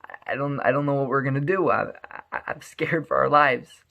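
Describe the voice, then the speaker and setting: Storybook role: man playing a scared, skeptical husband, stammering, gravelly. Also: medium pitch, fast talker, dull audio, close to an everyday voice. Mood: fearful. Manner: fretful, stammering. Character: frightened poor skeptical husband.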